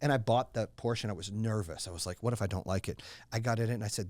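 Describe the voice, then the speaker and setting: A man's voice: fairly low pitch, fast talker, few pauses, dry recording. A brash man in his forties telling boastful stories as an interview guest, in casual chat. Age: 40s. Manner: brash, boastful storyteller with big swings in loudness. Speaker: guest, entrepreneur.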